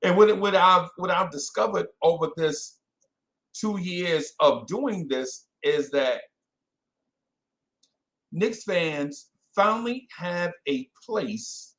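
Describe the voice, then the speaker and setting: Animated New man hosting fans. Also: high-pitched, slow. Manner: animated, self-correcting, talks to chat by name. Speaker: podcast host. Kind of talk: casual live-stream chat with fans.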